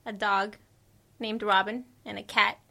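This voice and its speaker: A woman's voice: medium pitch, flat delivery, measured pace, creaky, bright, forceful tone. A young woman in her twenties, a recent graduate, speaking as a podcast guest with hesitant, filler-heavy chat. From Mexican-American. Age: 20s.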